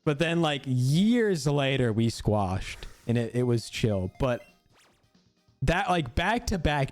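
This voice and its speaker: A young man streaming, casually telling a story while gaming, animated and cursing freely with frequent laughter. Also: mid-range voice, slow pace, faint music behind.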